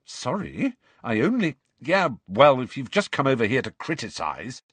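A man voicing a grumpy, harried teenage boy in a storybook reading, curt and sulky, with a lively swing in pitch. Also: moderate pace, breathy edge, no room sound, full character voice.

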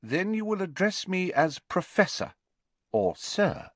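A man reading an audiobook and voicing an elderly male wizard headmaster who is calm, commanding, gentle and measured. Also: high voice, no room sound, voice pushed up, full character voice. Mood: firm. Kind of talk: audiobook character voice.

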